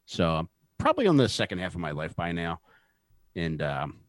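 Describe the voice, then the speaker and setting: A man in his forties with a low voice that swings lively up and down as he riffs crudely and pokes fun at himself. His voice sounds dry and close to the mic. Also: moderate pace, no echo. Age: 40s. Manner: profane, animated, self-mocking. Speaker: podcast co-host. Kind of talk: casual chat.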